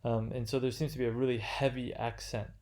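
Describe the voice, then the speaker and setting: Halting male literature lecturer. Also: mid-range voice, flat delivery, darkish tone. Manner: halting, many fillers and restarts. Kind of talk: unscripted lecture.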